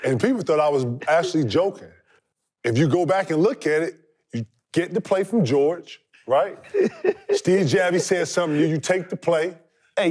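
High-pitched man telling an excited story. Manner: excited, laughing, imitates voices. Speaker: former pro basketball player. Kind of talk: storytelling on a podcast.

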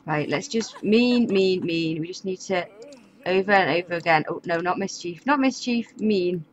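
A woman's voice: on the low side, expressive, normal speed, lo-fi sound, slight background noise. A woman giving casual, chatty commentary over a life-sim game, often exasperated and laughing. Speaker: gaming YouTuber. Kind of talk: casual let's-play commentary.

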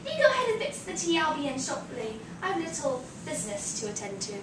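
Girl playing an old wizard, grand and teasing, squeaky high and swooping, tinny far-off room sound. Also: sing-song, brisk. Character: old male wizard, mischievous and cryptic. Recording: echoey room, distant mic, noisy.

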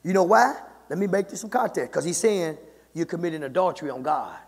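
A man preaching a sermon as pastor in a church, fervent and repetitive, often calling out "my God" and building to shouts. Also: on the high side, animated, fairly quick, slightly rough. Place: church sanctuary. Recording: echoey church hall with long reverb.

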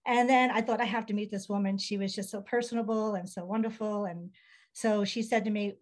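A woman's voice: medium pitch, fairly quick, rough recording. A woman who writes children's books, telling a story in a casual interview and acting out the dialogue she quotes. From Ohio. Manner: animated, acts out quoted dialogue. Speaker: children's book author.

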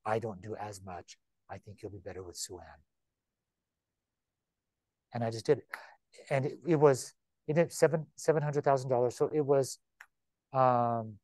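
A man, a real estate broker, giving an informal training talk to agents in a chatty, animated way, with quick repeats and asides. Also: mid-range voice, dry recording.

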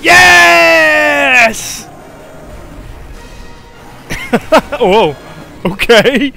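A young man giving live gameplay commentary, rambling and joking at the monster, swinging from low mutters to panicked yelps and laughs. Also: very slow, vocal fry, long pauses, faint music behind. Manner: excitable, yelping and laughing, swings from mutters to shrieks.

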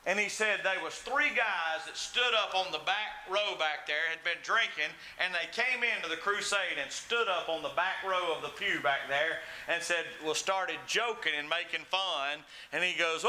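A man's voice: sits high, normal speed, hardly any pauses, sharp tone, rough recording. A man preaching a sermon, telling stories and acting out the voices in them. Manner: storytelling preacher, acts out quoted voices with big swings. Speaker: pastor.

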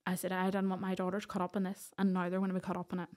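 A woman's voice: on the low side, monotone, very fast, a little mellow. A woman, a podcast guest earnestly recounting a personal story and acting out what others said.

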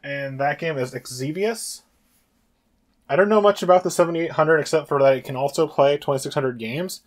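A man's voice: on the high side, moderate pace. A man hosting a casual video tour of his game room, talking in a rambling, hesitant way with frequent fillers. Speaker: retro game collector and channel host.

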